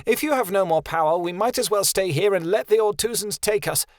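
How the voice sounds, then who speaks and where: A man voicing a fierce young female fairy who is emotional and sharp-tongued. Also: sits high, fairly quick, no room sound, clean studio sound, voice pushed up, close to an everyday voice. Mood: nasty.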